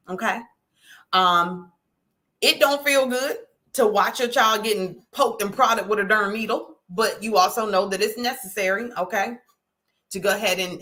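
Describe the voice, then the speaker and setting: A middle-aged woman hosting a casual talk, folksy and animated, often checking in with "okay?". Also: lowish voice. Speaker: host. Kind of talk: casual talk to a live audience.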